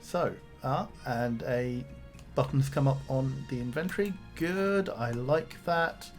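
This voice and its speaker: A man's voice: medium pitch, slow, faint music behind. A man streaming a video game, reading the on-screen text aloud and adding casual asides. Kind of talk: casual game let's-play commentary.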